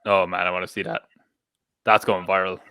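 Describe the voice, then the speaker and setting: Low, bright-toned man on a podcast. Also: flat delivery, a little fast, smooth, no room sound. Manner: easygoing, brief agreeing replies. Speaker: podcast panelist. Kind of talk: casual chat.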